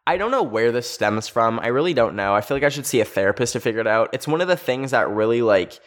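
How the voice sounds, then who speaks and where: A man's voice: mid-range voice, lively intonation, quick pace, a bit bright. A man in his twenties telling a personal story to camera in a casual, rambling way, full of "like". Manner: rambling, heavy use of filler "like". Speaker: storytelling video host.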